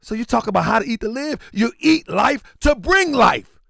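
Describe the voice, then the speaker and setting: A man's voice: very high-pitched, moderate pace, creaky, dry recording, studio quality. A man hosting a livestream, talking casually and preaching at times, often raising his voice. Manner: animated, preachy, shouting at times. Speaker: livestream host.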